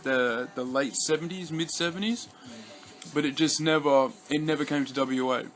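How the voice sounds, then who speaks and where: A man's voice: a little high, moderate pace, fairly bright tone. A young Australian man from Western Australia vlogging in a loose, rambling way, cursing a lot and restarting his sentences. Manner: rambling, heavy swearing, many restarts and fillers. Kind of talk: casual rambling vlog chat.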